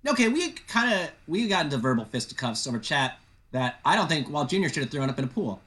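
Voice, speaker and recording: A podcast co-host in casual chat, retelling scenes in a quick, animated way. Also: medium pitch.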